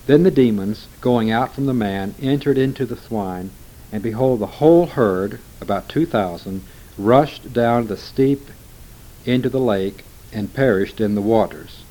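A man reading scripture aloud in a steady, measured way. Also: fairly low pitch, rough recording. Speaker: scripture reader.

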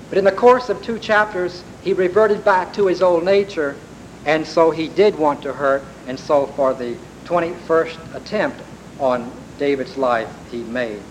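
A man's voice: on the high side, rough recording. A man preaching a sermon, retelling a story with emphatic rises and repeated words. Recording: faint background hiss.

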